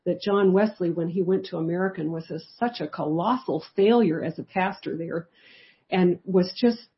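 Woman Bible teacher, low-pitched, conversational storyteller, muffled lo-fi sound. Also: moderate pace. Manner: conversational storytelling, lively shifts in loudness. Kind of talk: personal testimony in a live Bible study.

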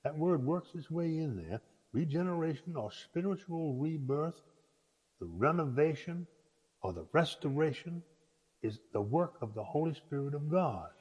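A man preaching a sermon in a folksy, halting way, often restarting his words. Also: a little high, expressive, darkish tone, husky, in a large hall.

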